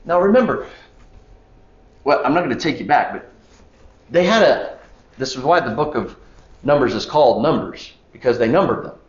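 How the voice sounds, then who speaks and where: A man preaching a sermon as a pastor, emphatic and animated, reading scripture and urging his listeners. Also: mid-range voice, moderate pace, long pauses. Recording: echoey room, dull lo-fi sound.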